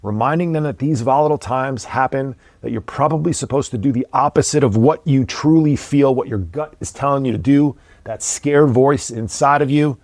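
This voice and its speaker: A man's voice: mid-range voice, moderate pace, hardly any pauses, a little mellow, no room sound. A man hosting a motivational podcast, talking bluntly and emphatically, with casual swearing. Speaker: podcast host.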